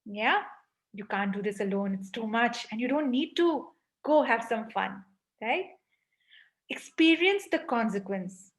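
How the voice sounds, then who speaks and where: A woman's voice: a little high, expressive, measured pace. A woman parenting coach giving a live online workshop, emphatic and often asking "right?". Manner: emphatic, frequent rhetorical "right?".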